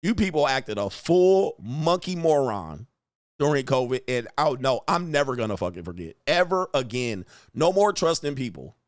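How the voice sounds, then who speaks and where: A man's voice: mid-range voice, moderate pace, dry recording. A middle-aged man rants on his livestream, swearing freely and leaning on slang, his voice swinging widely up and down as he gets worked up. The sound is dry and close, with no room in it. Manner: profane, animated ranting with frequent laughs and slang. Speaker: livestream host answering superchats. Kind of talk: casual livestream rant.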